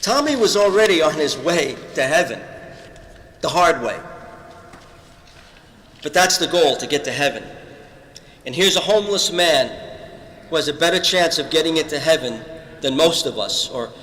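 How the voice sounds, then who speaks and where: In an echoey, long-reverb hall, a man on a panel shares an earnest testimony, telling personal stories and voicing the other people's lines himself. His slightly high, fairly bright voice is animated, moving at a normal pace with frequent pauses.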